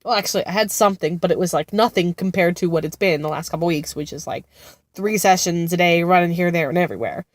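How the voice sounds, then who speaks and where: A congested, sick-sounding woman in her thirties chats in a rambling, laughing way, voice pitched on the low side. The sound is dry and close, with no room around it. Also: fast, no echo. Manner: rambling, laughing, many fillers. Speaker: vlogger, mother of two. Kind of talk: casual chat. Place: sitting in a car-like space outside a therapy center.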